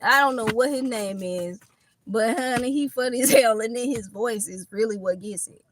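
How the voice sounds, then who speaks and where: Brief: Southern woman tarot reader, Kentucky-Florida accent, slightly high voice, loose and profane, laughs a lot. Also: normal speed, slight background noise. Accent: Southern US, Kentucky mixed with Florida. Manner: chatty, laughs often, swears freely. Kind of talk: casual tarot reading livestream.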